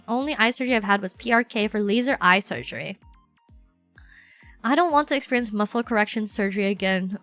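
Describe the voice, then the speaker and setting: A woman's voice: a little high, no room sound. A young woman streamer in casual chat, telling rambling stories with lots of fillers. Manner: chatty, rambling, animated storytelling with many fillers.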